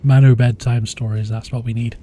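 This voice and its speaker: A man streaming a game live, chatting casually with viewers in a low-key, easygoing way. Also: flat delivery, a little fast, background noise. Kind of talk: casual live-stream chat while gaming. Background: game music.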